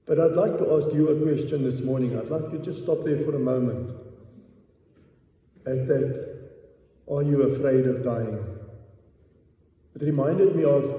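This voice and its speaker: A man preaching a sermon as pastor, slow and deliberate with long pauses. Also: mid-range voice, mellow. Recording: roomy hall, distant mic.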